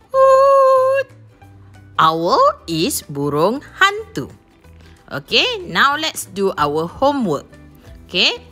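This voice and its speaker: A Malaysian primary school teacher gives an online lesson to young children in English with Malay translation. She is slow and patient, repeating each instruction in both languages, with a fairly low pitch and a sharp tone.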